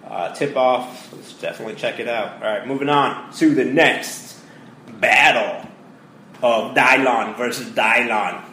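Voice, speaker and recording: A man from Connecticut trades playful, excitable banter as a podcast co-host. The room echoes noticeably around him, with a faint hiss underneath. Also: mid-range voice, a little slow. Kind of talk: casual sports and music banter. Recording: roomy echo, faint background hiss.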